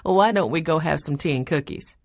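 A woman's voice: low voice, brisk, no echo, studio quality. Woman reading cheerful young Kate Francis. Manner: bright, cheerful storytelling voice. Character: cheerful young woman student, ghost story researcher.

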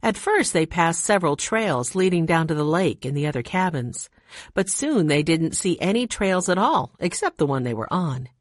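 A woman narrating a children's chapter book in a calm, steady reading voice. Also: fairly low pitch, moderate pace, dry recording, studio quality. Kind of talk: audiobook narration.

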